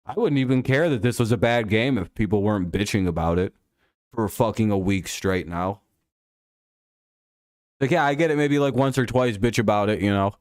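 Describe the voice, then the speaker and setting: A man's voice: on the low side, moderate pace, dry recording, clean studio sound. A man hosting a casual live stream over a football game, ranting in irritation and swearing often.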